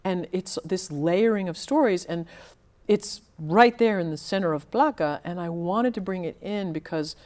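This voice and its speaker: Low-voiced thoughtful woman novelist. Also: moderate pace, darkish tone. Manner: thoughtful, searching for words with small restarts. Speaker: novelist guest. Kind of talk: conversational interview.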